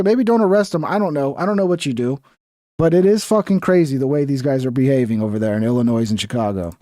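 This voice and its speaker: A man's voice: high voice, dark tone, dry recording, clean studio sound. A young man giving heated, profane commentary while reacting to news clips. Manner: heated, profane, exasperated ranting.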